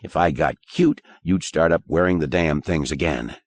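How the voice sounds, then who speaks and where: A man reading an audiobook, voicing a teenage boy who talks softly and coaxingly. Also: rumbling low, normal speed, no room sound. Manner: soft, coaxing. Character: smooth teenage boyfriend, coaxing.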